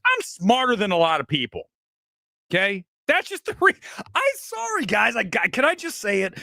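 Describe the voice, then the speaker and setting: A middle-aged man from Ohio who hosts a film show, giving casual, profane livestream commentary and swinging between loud outbursts and low asides. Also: wildly swooping pitch, moderate pace, gravelly, no room sound, studio quality. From Ohio, USA. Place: home studio, speaking to a laptop.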